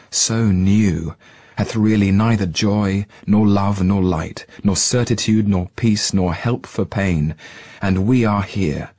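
A man with a deep, husky voice reads a poem slowly and solemnly, lingering on each word. The sound is dry and close. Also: a little mellow, dry recording. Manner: slow, solemn, lingering on words. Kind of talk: poetry reading.

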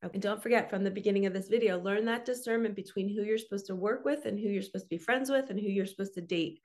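A woman's voice: mid-range voice, fast, darkish tone. Earnest chatty spiritual coach woman. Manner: earnest, chatty, often adds "okay?" and "right?". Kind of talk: casual motivational talk to camera.

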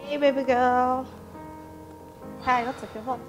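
A woman's voice: high-pitched, level tone, measured pace, lo-fi sound, music in the background. A young woman with a Nigerian accent playing a level-headed best friend who talks casually and reasons things out. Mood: reasoning.

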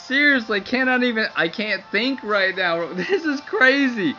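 A man's voice: sits high, animated, measured pace, few pauses, bright, forceful tone. Tearful, overjoyed young streamer man. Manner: overjoyed, laughing and tearful, breathless thanks. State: crying. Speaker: livestreamer. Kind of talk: excited livestream commentary. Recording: dull lo-fi stream audio with faint music.

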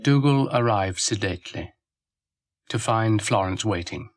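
A man narrating a children's story in a wry, gently amused way. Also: fairly low pitch, expressive, unhurried, soft background music.

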